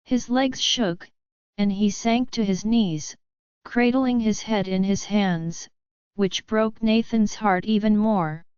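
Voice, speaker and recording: Slow, smooth-voiced woman narrating. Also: mid-range voice, a little mellow, no echo. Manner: measured, dramatic storytelling. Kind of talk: scripted story narration. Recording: slightly dull, dry recording.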